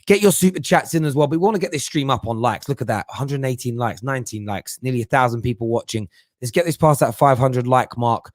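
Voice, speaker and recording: On his casual football fan live stream, a middle-aged man reads viewer comments in a fast, mid-range voice, chatting away while stumbling and repeating words as he thinks. The recording is dry with clean studio sound.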